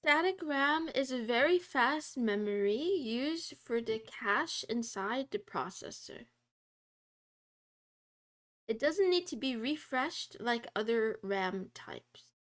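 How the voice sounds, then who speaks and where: A woman with a high, light voice talks to her stream chat at an unhurried pace. She giggles often, reads study notes aloud, and slips into soft, quiet meowing between lines. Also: lively intonation.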